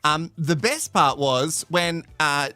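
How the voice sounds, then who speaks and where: Man, live recap host, slow, high, animated, faint music. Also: no room sound. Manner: laughs often, swears, sarcastic. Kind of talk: live reality-show recap.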